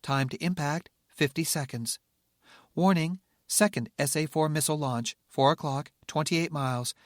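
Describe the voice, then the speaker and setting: A man voicing a calm, pleasant computerized female warning system in a cockpit. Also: on the high side, moderate pace, dry recording, clean studio sound, voice pushed up, lightly acted.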